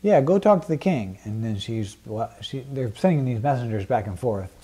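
Mellow-voiced man teaching a Bible class. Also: medium pitch, animated, moderate pace, breathy edge. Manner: conversational, many fillers, asks the group questions. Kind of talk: casual teaching talk.

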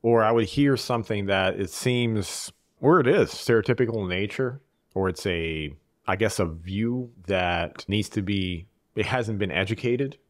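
Guesting on a podcast, a fairly low-pitched man from Eastern Europe muses casually and thoughtfully, measured and circling back to restart phrases as he works things out. The recording is dry and studio quality.

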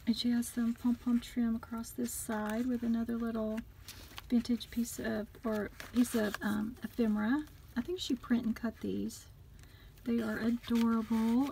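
A woman chatting casually as she unboxes craft gifts on her vlog, gushing with delighted exclamations and often dropping to a soft, near-whispered voice. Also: fairly high pitch, steady tone, normal speed, gravelly, a little hiss or hum, low-quality recording. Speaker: craft vlogger unboxing a gift swap.

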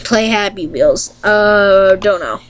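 A woman vlogger chatting casually to viewers while playing a game, reading questions aloud quickly, answering them and laughing often. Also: mid-range voice, a little hiss or hum, poor audio.

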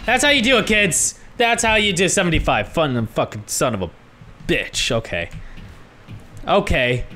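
A young man giving let's-play commentary on a horror game, excitable and swearing a lot, yelling when startled. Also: a little high, normal speed, a little hiss or hum. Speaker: gaming YouTuber.

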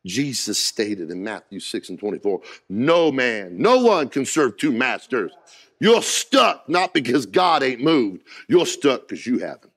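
Gravelly preacher swinging from hush to shout. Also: male voice, medium pitch, big pitch swings, unhurried. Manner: folksy, says "ain't" and "gotta". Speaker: pastor. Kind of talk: sermon.

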